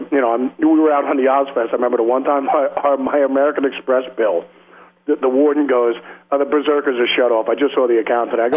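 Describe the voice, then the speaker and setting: A man in a casual radio interview who rambles through his stories in slangy talk, laughs often, and plays the other people in them. His voice sits at an ordinary middle pitch. The sound is slightly dull, like radio audio. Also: fairly even intonation, a little fast. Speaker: rock guitarist guest.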